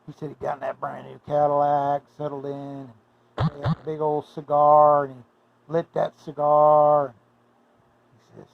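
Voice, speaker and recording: A man tells a rambling, folksy story, halting often, in a lo-fi recording. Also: a little high.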